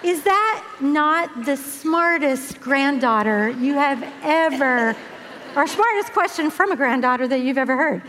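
A woman's voice: high voice, animated, unhurried, noisy background. Older woman preaching in a reverberant hall. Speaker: speaker at a women's event. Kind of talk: sermon.

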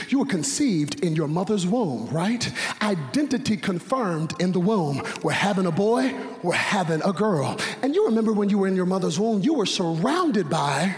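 A young man preaching a sermon, animated, asking rhetorical questions, shouting at the peaks and dropping quiet in between. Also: sits high, moderate pace. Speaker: pastor. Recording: long reverb of a large hall.

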